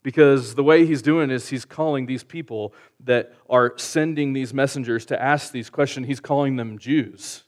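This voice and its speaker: A male pastor preaching in a relaxed, conversational way, using slang and asking the audience rhetorical questions. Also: mid-range voice, moderate pace, hardly any pauses. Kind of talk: conversational sermon.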